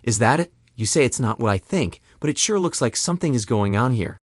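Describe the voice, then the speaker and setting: A man's voice: medium pitch, expressive, a little fast, husky, no room sound, studio quality. A man doing a cold, mocking betrayed husband. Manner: sarcastic, demanding.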